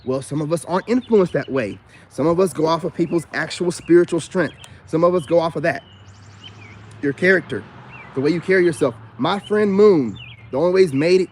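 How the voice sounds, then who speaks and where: A man's voice: a little high, fairly quick, a little mellow, a little hiss or hum. A man ranting to camera outdoors, boastful and defiant, rambling with frequent filler asides. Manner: repeats filler asides often. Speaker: self-styled life coach vlogger. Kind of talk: unscripted rant to camera.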